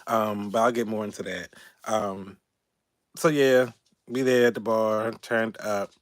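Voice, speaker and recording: Man, animated storytelling, laughing and cussing, dry close sound. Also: on the low side, unhurried, no room sound. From Baltimore, Maryland. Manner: animated, laughing, profane, quoting others in raised voices. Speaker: YouTube channel host. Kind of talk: casual storytelling livestream.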